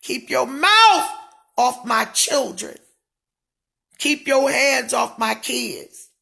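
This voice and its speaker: A middle-aged woman in a fiery live-stream rant with a preacher's cadence, swinging between shouting and dropping her voice low. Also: expressive, extremely slow, vocal fry. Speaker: prophetess.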